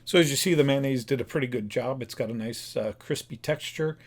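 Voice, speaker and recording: A man's voice: mid-range voice, brisk. A man casually narrating his home cooking, chatty and rambling, correcting himself often with plenty of fillers. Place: home kitchen.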